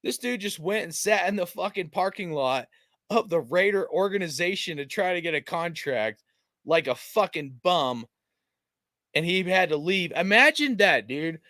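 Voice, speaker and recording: A man's voice: sits high, animated, moderate pace, pushed and bright, no echo, studio quality. A man hosting a fan stream, venting in a frustrated, profane rant full of fillers while reading chat, tired after a long day. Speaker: fan channel host.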